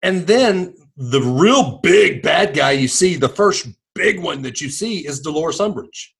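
A man's voice: fairly high pitch, animated, measured pace, vocal fry, a bit bright, breathy edge. A man co-hosting a podcast, talking casually with blunt, teasing remarks and short agreements. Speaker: podcast co-host. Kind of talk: casual chat.

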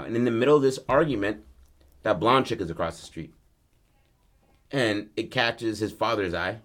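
A man casually pitching a film story, acting out the characters' lines, swearing freely and rambling with restarts. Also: normal speed, pauses often. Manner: loose, rambling, many restarts and fillers.

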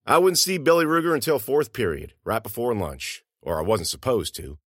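A man's voice: medium pitch, expressive, normal speed, dry recording, studio quality. A man reading a first-person story aloud in a folksy, dialect-flavored way. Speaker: narrator.

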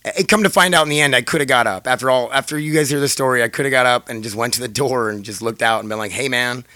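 Man, casual storytelling to viewers, profane, laughs a lot, bright tone, dry close sound. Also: mid-range voice, fast talker, dry recording. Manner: rambling, profane, laughs often. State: scratchy throat.

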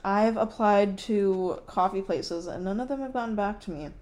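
A woman's voice: medium pitch, normal speed, darkish tone, a little hiss or hum. A young woman co-hosting a casual chat, rambling and giggly, with lots of fillers. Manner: giggly, rambling with many likes. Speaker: podcast co-host.

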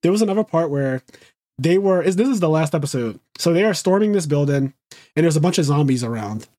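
A man talking casually and with lots of energy, his pitch bouncing widely as he acts out quotes. The sound is dry and close, with no room around it. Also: brisk, dry recording. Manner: animated, swearing, acts out quotes. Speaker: podcast co-host. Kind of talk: casual chat.

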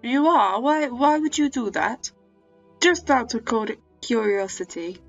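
A woman's voice: on the high side, expressive, a little slow, vocal fry, soft background music. A woman player talking in character in a tabletop game, in a pushy, insistent way. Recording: dull lo-fi audio.

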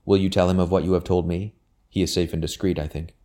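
An eager young gentleman, voiced by a male narrator in a storybook reading. He talks in a low, dark voice with an urgent, confiding manner, close to the narrator's own tone. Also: level tone, fast talker, lightly acted. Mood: hushed.

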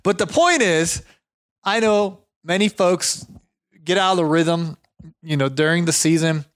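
Male podcast host, a bit high, energetic and chatty, close dry mic. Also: unhurried, dry recording. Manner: chatty, energetic, chuckles often. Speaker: podcast host giving business advice. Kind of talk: casual motivational talk with anecdotes.

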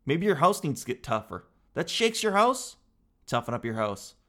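A man hosting a talk show, delivering a comedic rant that is animated, exasperated and full of casual swearing. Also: on the high side, moderate pace. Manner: animated, exasperated, peppered with "dude".

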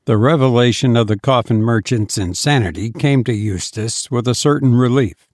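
A man reading a story aloud as narrator, in a slow, measured way. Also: medium pitch, darkish tone, no echo, studio quality.

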